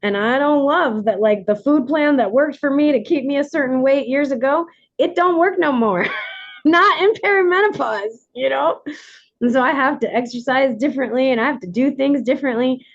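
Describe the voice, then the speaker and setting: Animated woman hosting a workshop. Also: high voice, normal speed, highs cut off. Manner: animated, warm coaching tone with laughs. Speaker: workshop host. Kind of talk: casual talk to a workshop group.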